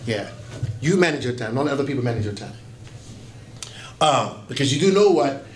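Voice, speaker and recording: A man's voice: medium pitch, expressive, a little fast. A pastor in his fifties giving a folksy conference workshop talk, telling stories and acting out quoted voices. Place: conference breakout room. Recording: echoey room with faint background noise.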